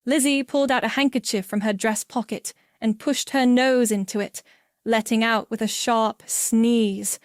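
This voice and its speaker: A woman reading a mystery story aloud in a clear, measured narration. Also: on the high side, fairly even intonation, dry recording, clean studio sound. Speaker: audiobook reader.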